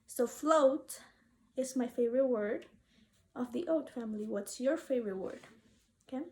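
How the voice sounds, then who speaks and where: A woman teaching a phonics lesson to young children, saying each word twice slowly and inviting them to repeat it. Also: a little high, darkish tone, slight background noise. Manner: slow, clearly sounded-out words with call-and-response prompts.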